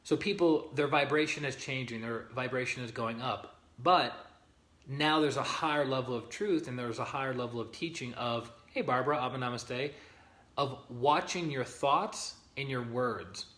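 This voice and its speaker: A man with a mid-range, slightly bright voice speaks at a moderate pace, the recording carrying a roomy echo. He's a spiritual teacher giving an informal online teaching, reading passages from a book while greeting viewers by name and often checking in with them.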